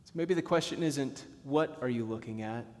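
Impassioned male pastor in reverberant hall. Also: medium pitch. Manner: impassioned, swinging between emphatic bursts and hushed, slow lines. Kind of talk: sermon.

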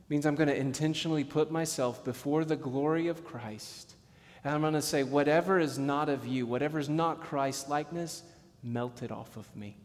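A middle-aged male pastor preaching a sermon, passionate, swinging between emphatic bursts and hushed, slowed lines. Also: a little high, big-room sound.

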